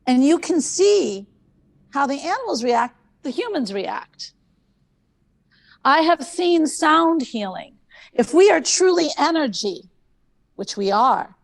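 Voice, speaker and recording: A woman hosting a conference talk, telling stories in an animated way and repeating phrases for emphasis. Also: fairly high pitch. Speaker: conference host.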